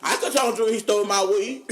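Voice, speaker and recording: A man, a podcast co-host telling funny stories in casual chat, animated and laughing often. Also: racing. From North Carolina. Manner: animated, laughing often, drops low for quoted voices. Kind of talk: casual storytelling.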